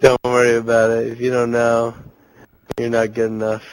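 A man's voice: mid-range voice, completely flat delivery, moderate pace, smooth, poor audio. A drunk young man in casual gaming chat, giggling and rambling in a slurred voice. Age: young adult. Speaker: gamer on voice chat.

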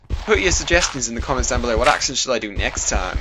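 A man's voice: mid-range voice, lively intonation, quick pace, sharp tone, a little hiss or hum. A British teenage boy rambling and joking as he plays, sweating in the heat, with a muffled home recording and faint music behind him. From Britain. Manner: rambling, jokey, puts on silly voices. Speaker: gaming YouTuber. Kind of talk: casual Minecraft let's play commentary.

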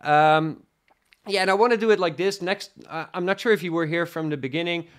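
A man's voice: fairly high pitch, brisk. A young Dutch man with a faint Dutch accent, hosting a casual live product review and chatting with viewers, rambling with lots of fillers. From Netherlands. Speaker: tech livestream host.

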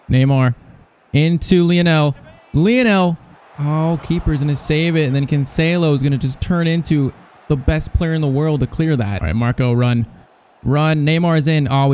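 Excitable young man commentating a game. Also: fairly high pitch, normal speed. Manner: excitable, jokey, shouts at players, swings between hype and mock despair. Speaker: gaming YouTuber. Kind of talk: live commentary over his own video game.

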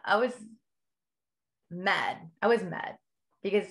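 A woman's voice: mid-range voice, takes it slowly. Woman guest on a podcast, english not her first language, swears a lot, laughs through it, lots of "like". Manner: candid, swears freely, laughs often, many "like" fillers. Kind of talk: casual interview storytelling.

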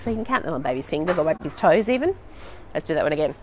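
A woman's voice: low-pitched, very animated, racing, a little mellow, a little hiss or hum. A young woman running a live baby and toddler session at a library, singing nursery songs and chatting to parents between them, laughing often. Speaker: children's librarian.

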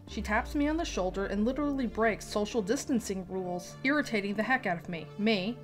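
A woman's voice: medium pitch, a little fast, hardly any pauses. Woman, story narrator, sarcastic asides, faint background music. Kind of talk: reading online stories aloud.

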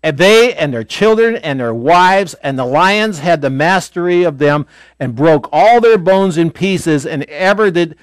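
A pastor teaching a Bible lesson in a Bible school classroom, with a folksy, explanatory manner and swings between loud and quiet. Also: male voice, on the high side, animated, unhurried, clean tone, no echo.

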